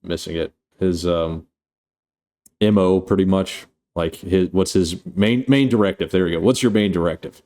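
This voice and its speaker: Casual streamer, male, deep and dark-toned, loose and foul-mouthed. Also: moderate pace. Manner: rambling, profane, playful. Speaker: streamer reviewing a film. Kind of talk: casual live-stream chat.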